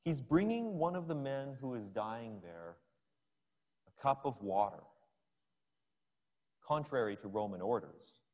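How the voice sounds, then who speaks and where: A man's voice: medium pitch, expressive, a little slow, long pauses, darkish tone, muffled recording. A male preacher giving a sermon, retelling a scripture scene as a story for his listeners. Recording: long hall reverb.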